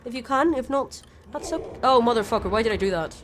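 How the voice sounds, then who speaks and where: A woman's voice: fairly high pitch, animated, a little fast, slight background noise. A woman streaming a video game live, swearing freely while talking to her chat and the characters on screen. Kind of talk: live gameplay commentary.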